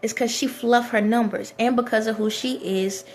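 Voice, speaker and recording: A woman's voice: on the high side, steady tone, normal speed, a little hiss or hum. A woman vlogger talking to camera in a rambling casual monologue, repeating phrases and restarting sentences.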